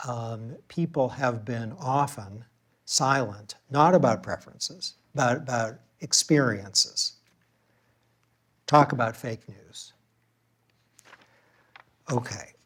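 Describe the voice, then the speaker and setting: Man, public lecture, conversational, average pitch, lecture room. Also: fairly bright tone. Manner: conversational storytelling, with filler words and restarts.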